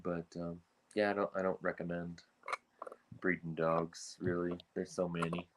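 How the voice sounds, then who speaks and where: Blunt, animated low-voiced man. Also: measured pace, slight background noise. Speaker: reptile breeder guest. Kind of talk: casual podcast conversation.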